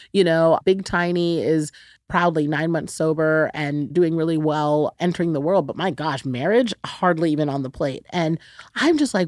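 A woman's voice: on the low side, normal speed, a little mellow, dry recording, studio quality. A woman, hosting a podcast and chatting frankly with lots of "like" and "you know". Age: 30s. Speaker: podcast host. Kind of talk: casual personal chat.

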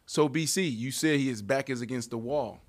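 A man hosting a casual sports podcast, talking in an animated way and laughing often as he calls people out playfully. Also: mid-range voice, moderate pace. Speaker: podcast host.

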